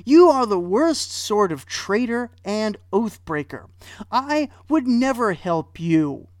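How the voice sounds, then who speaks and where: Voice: medium pitch, sing-song, slow pace, dry recording, studio quality, voice pushed up. A storyteller voicing an exasperated male god who scolds a traitor with sarcastic indignation. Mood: indignant. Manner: indignant, sarcastic, then scheming.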